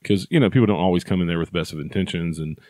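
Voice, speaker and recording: A man's voice: deep voice, rapid-fire, darkish tone, dry recording, studio quality. A man hosting a paranormal podcast, chatting casually and agreeably with his guest. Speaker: podcast host. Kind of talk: casual interview chat.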